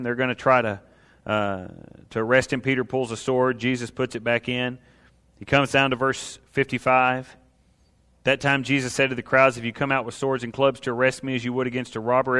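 Preacher in a reverberant hall. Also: male voice, mid-range voice, little pitch movement, brisk, clear, resonant tone. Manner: preaching, rises to impassioned shouting at climaxes. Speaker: pastor. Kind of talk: sermon.

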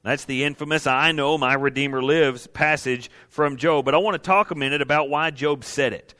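A man's voice: on the high side, moderate pace, pushed and bright. A man preaching a sermon, folksy and emphatic, speaking directly to his congregation. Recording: long hall reverb.

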